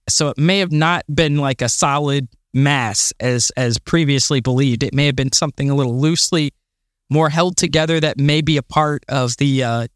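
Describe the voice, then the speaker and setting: Brief: male co-host, slightly high pitch, dry recording, chatty space enthusiast who rants. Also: fairly bright tone, no room sound. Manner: enthusiastic, exasperated rants with fillers and laughs. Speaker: podcast co-host. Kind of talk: casual chat.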